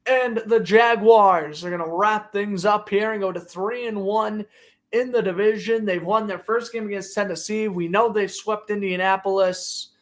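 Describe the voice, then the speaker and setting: High-voiced young man calling a football game. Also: moderate pace. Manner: excitable, gets loudly indignant at referees. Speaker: play-by-play commentator. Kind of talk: amateur live sports commentary.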